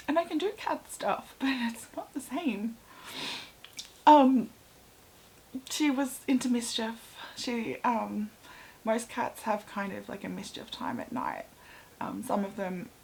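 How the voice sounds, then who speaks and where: Chatty Australian woman in soft half-whispers. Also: fairly high pitch, a little hiss or hum, low-quality recording. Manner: chatty, many fillers, dips into soft breathy half-whispers. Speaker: vlogger. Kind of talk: casual personal storytelling.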